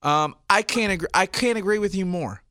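A man co-hosting a casual wrestling podcast, chatty and excitable, quick to chime in and agree. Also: high-pitched, clear, resonant tone, no echo, studio quality. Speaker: podcast co-host.

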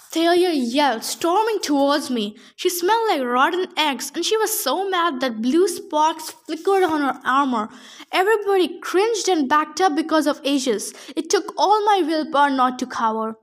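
A woman reading a first-person novel aloud, expressive and changing her pace with the action. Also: high-pitched, moderate pace. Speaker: audiobook reader.

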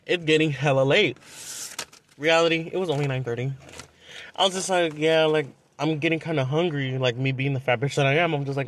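A man's voice: on the high side, fairly quick. A young man from Southern California, telling a dating story on a podcast in a blunt, profane, casual way. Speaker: podcast host.

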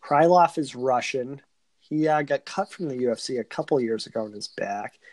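A man's voice: mid-range voice, animated, normal speed, darkish tone, no room sound. A man co-hosting a podcast, running through fight news in a matter-of-fact way. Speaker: podcast co-host. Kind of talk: casual news rundown.

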